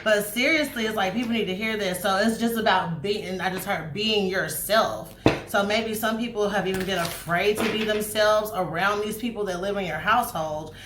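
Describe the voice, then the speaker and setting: A woman giving a casual tarot reading to camera, chatty and animated, swearing freely and acting out spirit messages. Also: medium pitch, moderate pace. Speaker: tarot reader. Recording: echoey room, faint noise.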